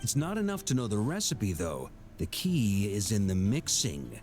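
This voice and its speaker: An actor playing a hearty middle-aged knight grandmaster in a game, talking in a measured, formal, storytelling way. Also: male voice, fairly low pitch, wildly swooping pitch, a little mellow, faint music behind. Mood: genial. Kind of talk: game voice acting.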